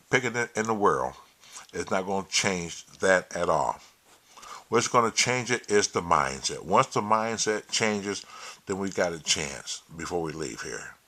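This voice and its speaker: A man vlogging a casual monologue to camera, preachy and emphatic with plenty of swearing, who gets loud and heated when retelling stories. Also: fairly low pitch.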